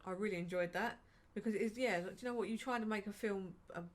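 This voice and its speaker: A woman's voice: mid-range voice, fast. A woman co-hosting a casual film chat, sarcastic, hesitant, often murmuring agreement. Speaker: co-host reviewing a film.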